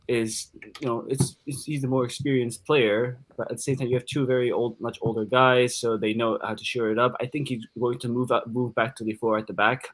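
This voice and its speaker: A man's voice: medium pitch, fairly bright tone. A man co-hosting a casual football podcast, giving opinions with lots of hesitations and fillers. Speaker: podcast co-host.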